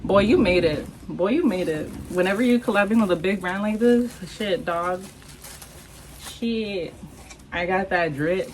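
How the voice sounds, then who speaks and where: A young woman from Texas vlogging an unboxing, hyper and excitable, swearing a lot and squealing. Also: fairly low pitch, slight background noise, poor audio. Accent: Texan. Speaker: vlogger unboxing masks and merch. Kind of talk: casual unboxing vlog.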